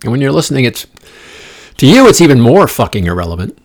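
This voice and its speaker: A man's voice: mid-range voice, sing-song, fast talker. A man hosting his own podcast, riffing in a profane, digressive comic monologue with playful asides and the odd whispered joke. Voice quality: gravelly. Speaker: podcast host. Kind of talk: rambling comedic monologue. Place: condominium room.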